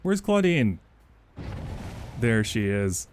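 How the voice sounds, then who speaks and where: A male streamer gives casual commentary on his game, teasing other players in a playful way. His pitch leaps and dips all over. A faint hum of noise sits behind his voice. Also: sing-song, normal speed, a little mellow. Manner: playful teasing, sudden bursts of laughter.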